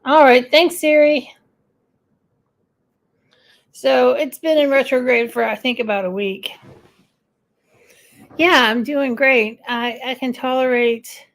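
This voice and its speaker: Slow, gravelly-voiced woman chatting casually. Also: fairly high pitch. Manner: rambling, chatty, answers viewer comments. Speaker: livestream host. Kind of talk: casual live-stream chat.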